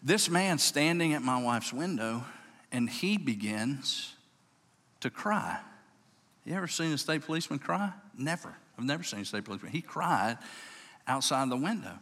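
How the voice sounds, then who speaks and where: A man in his forties with a Louisiana accent, a pastor telling a story as a sermon in a folksy, animated way, growing low and quiet for tender moments. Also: moderate pace. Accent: Southern US, Louisiana. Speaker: pastor, state police chaplain. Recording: long reverb of a large hall.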